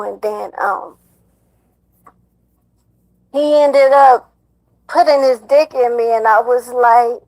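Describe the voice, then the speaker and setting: A young woman with a slightly high voice tells a hard personal story, stopping and restarting, repeating words. The sound is dry and close, with nothing of the room around her. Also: darkish tone, no echo, rough recording. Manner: halting, repeats words, fillers. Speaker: guest. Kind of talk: emotional personal account.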